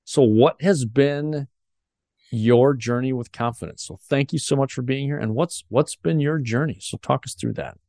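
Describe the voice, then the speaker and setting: A man's voice: mid-range voice, normal speed, warm tone, dry recording, clean studio sound. A man hosting a podcast interview, telling a personal story earnestly with frequent restarts. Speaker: podcast host.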